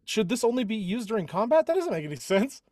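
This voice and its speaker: A man's voice: sits high, sing-song, fast talker, a little mellow, no room sound, studio quality. A man playing a tabletop game, rambling and correcting himself as he thinks aloud. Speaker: player. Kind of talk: casual tabletop game chat.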